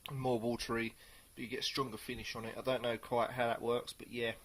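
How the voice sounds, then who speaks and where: A man giving a casual, rambling beer tasting review, pausing often as he thinks aloud. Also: mid-range voice, flat delivery, a bit bright. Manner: rambling, hesitant, many pauses.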